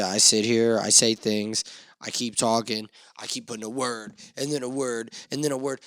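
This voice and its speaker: Profane rambling podcast host, crisp dry voice. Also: male voice, mid-range voice, flat delivery, moderate pace, no room sound. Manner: profane, drunken, self-mocking rants with sudden loud outbursts. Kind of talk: rambling solo podcast monologue.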